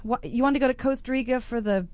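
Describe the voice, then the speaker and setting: A woman co-hosting a radio show, telling stories in animated, blunt and crude casual banter. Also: on the high side, fast, no room sound. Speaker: radio co-host. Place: radio broadcast from a shopping promenade.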